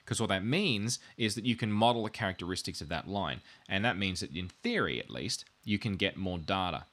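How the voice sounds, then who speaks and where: Here a podcast host with a low, fairly bright voice and lively intonation speaks a little fast about networking hardware. He wanders off-topic, pokes fun at himself, and cracks jokes, saying all the coffee he's had has him wired.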